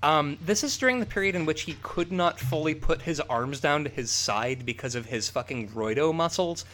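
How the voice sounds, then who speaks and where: A man on a casual podcast, talking with a lively, swooping voice that sits a little high for a man. He swears freely and riffs along, often breaking into laughs. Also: normal speed. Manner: profane, animated, riffing with laughs. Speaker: podcast co-host. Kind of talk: casual chat.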